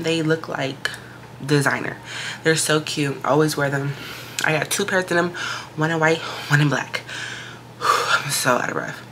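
A woman's voice: sits low, pushed and bright. A young pregnant woman chatting casually to camera as a vlogger, hyping herself up and swearing now and then. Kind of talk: casual vlog chat to camera. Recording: noisy background.

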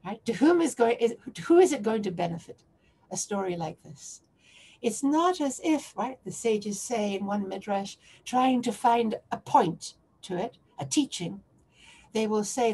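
A woman's voice: mid-range voice, expressive, unhurried, darkish tone, a little hiss or hum. A woman lecturing on a biblical text to a remote audience, often restarting and posing questions as she searches for words.

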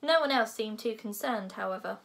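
A woman reading a children's novel aloud in a lively, expressive way. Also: fairly high pitch, brisk, creaky. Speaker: reader.

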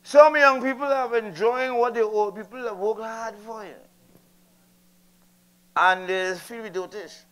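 A man's voice: sits high, unhurried, long pauses, a bit bright, smooth. An older man with a Trinidadian accent performing a stand-up comedy routine, chatty and teasing the audience. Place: live comedy venue.

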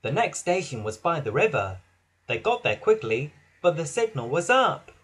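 A man reading a children's storybook aloud in an expressive, sing-song way. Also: fairly high pitch, normal speed, breathy edge. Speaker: narrator.

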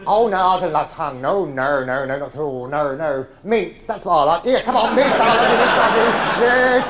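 Performing a one-man show in a large theatre, a man takes on a camp, gossipy lad in a high-pitched voice. His delivery is teasing and chatty with swooping emphasis, and the live recording includes audience laughter.

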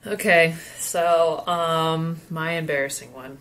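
A woman's voice: low voice, fairly even intonation, takes it slowly, a bit bright. A woman co-hosting a podcast in casual chat, with a wry, teasing manner. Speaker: podcast co-host, opera singer.

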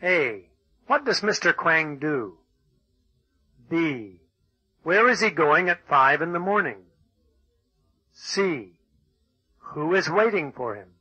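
A man reading English textbook exercises and passages in a measured, announcing way. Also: fairly high pitch, very animated, sharp tone, breathy edge, no room sound, muffled recording. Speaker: textbook audio reader. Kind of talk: scripted textbook narration.

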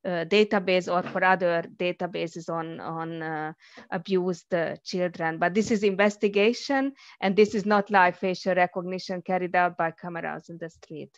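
A woman's voice: on the low side, fairly even intonation, moderate pace, no room sound, dull audio. Woman speaking carefully with many fillers. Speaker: panel speaker. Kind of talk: conference panel talk.

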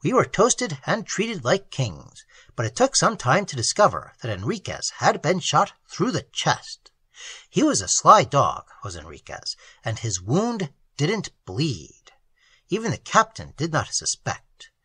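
A man reads a story aloud with animated expression, his pitch rising and falling widely. His voice is husky. The recording is dry and close. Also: unhurried, dry recording. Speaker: audiobook narrator. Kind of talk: scripted narration of a story.

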